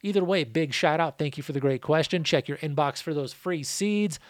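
A man's voice: on the high side, moderate pace, no echo, clean studio sound. A man hosting a casual podcast, answering listener questions in a laid-back, profane, rambling way, his voice worn out. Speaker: podcast host.

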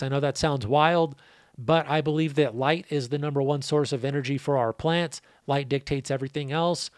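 A man's voice: a little high, no room sound, clean studio sound. A man hosting a casual podcast, answering listener questions in a laid-back, profane, rambling way, his voice worn out. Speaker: podcast host.

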